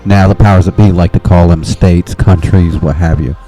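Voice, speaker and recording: Male podcast host, low and very mellow, rambling delivery, faint music under him. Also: steady tone, normal speed. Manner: rambling, with restarts and nervous laughs. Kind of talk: casual monologue.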